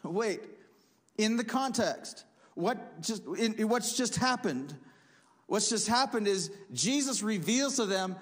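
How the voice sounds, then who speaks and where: A man preaching a sermon as pastor, emphatic, swinging between loud punchy lines and quiet asides. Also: high-pitched, expressive, measured pace. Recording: long hall reverb.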